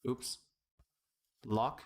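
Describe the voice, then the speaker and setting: Guy doing a chill tutorial stream, chatty, laughs a lot, kinda self-deprecating. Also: very slow. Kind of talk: live-streamed software tutorial chat.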